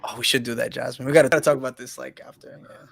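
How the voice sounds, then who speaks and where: A man hosting a casual live-streamed chat, excitable and laughing often, swearing freely, talking on a computer mic with headphones. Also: medium pitch, quick pace, gravelly, slightly rough, dry recording. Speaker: podcast host.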